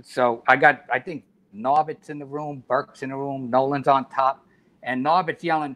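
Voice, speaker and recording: A man's voice: medium pitch, fairly even intonation, normal speed, a bit bright. A middle-aged man, a former fire chief telling blunt, profane stories as a podcast guest and laughing as he goes. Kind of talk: casual chat, storytelling.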